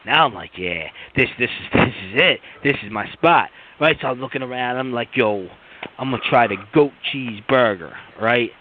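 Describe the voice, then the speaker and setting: A man's voice: medium pitch, normal speed, a little hiss or hum. A man telling a long, profane, rambling story on a podcast, full of fillers and restarts. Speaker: podcast co-host. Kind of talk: casual storytelling rant. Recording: tinny phone-like line.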